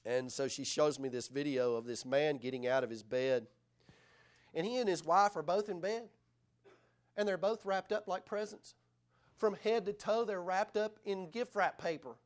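A middle-aged pastor preaches a sermon in a notably high voice at a moderate pace. His delivery is earnest yet conversational, and he relies on rhetorical questions to draw his listeners in.

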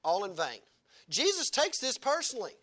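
A man's voice: extremely high pitch, huge pitch swings, normal speed, sharp tone. A man preaching a sermon in church, emphatic and firing rhetorical questions at the congregation.

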